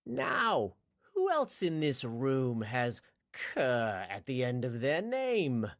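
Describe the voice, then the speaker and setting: A man voicing a cruel, ruthless male usurper warlord with a slow, taunting, menacing delivery. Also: mid-range voice, wildly swooping pitch, dry recording, clean studio sound.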